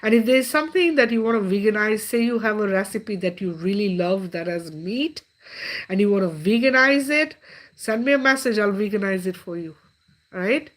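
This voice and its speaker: A woman's voice: mid-range voice, moderate pace. Chatty woman hosting a live stream. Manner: chatty, laughs often, many fillers. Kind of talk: casual live stream chat.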